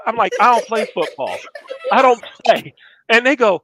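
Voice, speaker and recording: A man's voice: sits high, moderate pace, background noise. An older man casually telling stories from his youth, acting out the people he quotes. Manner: animated storyteller acting out quotes. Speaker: storyteller guest.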